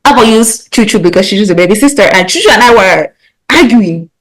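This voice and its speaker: A woman from Africa in a casual podcast discussion, animated and breaking into high laughing bursts while telling a story. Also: brisk, low-quality recording.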